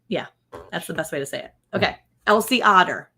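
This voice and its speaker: A woman with a fairly low voice hosts a relaxed livestream chat. She runs a guessing game, quizzes her co-host and reads out what viewers write. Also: moderate pace, vocal fry, pauses often. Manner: quizzing a co-host and reading viewer comments aloud.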